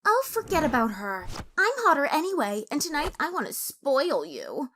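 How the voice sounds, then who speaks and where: A scheming young woman, smug and teasing, as a storyteller puts her on. Her voice sits high and bounces around a lot. It is a storytime video with a faint hiss. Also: huge pitch swings, moderate pace.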